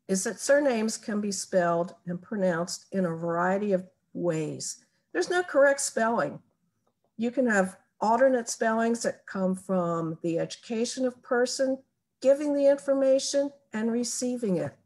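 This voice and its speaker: A woman walks through a family tree tutorial at an unhurried, deliberate pace. Her voice sits in a middle pitch, and she explains each step methodically, like a teacher leading a beginners' class. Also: darkish tone. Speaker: genealogy presenter. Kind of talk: recorded screen-share tutorial.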